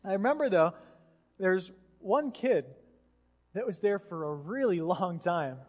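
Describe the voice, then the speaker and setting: A man with a high, light voice preaches to his congregation, spinning an animated story and slipping into the voices of the people in it. His words ring out with a long reverb through a large church sanctuary, picked up by a stage microphone. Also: unhurried, muffled recording. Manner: animated storytelling with acted-out quotes. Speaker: pastor. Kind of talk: sermon.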